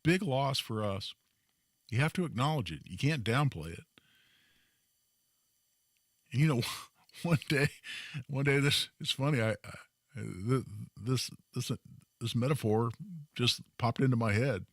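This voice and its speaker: A man hosting a talk radio show, telling a story in an emphatic, animated way. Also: mid-range voice, measured pace, pauses often, no echo, studio quality. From Indiana, US. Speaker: radio host.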